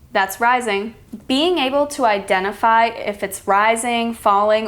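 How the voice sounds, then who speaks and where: American woman, higher pitched, pronunciation lesson, careful stress, clear teaching voice. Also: fairly bright tone. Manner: clear, deliberate stressing of words for learners; calls herself extremely sarcastic. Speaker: accent coach. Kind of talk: teaching lesson with read-aloud examples.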